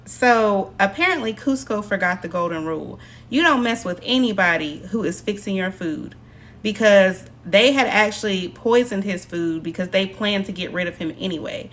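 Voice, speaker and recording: A woman's voice: medium pitch, expressive, normal speed, fairly bright tone. A woman casually retelling a film's plot in a chatty way, quoting the characters in her own voice. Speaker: film recap narrator.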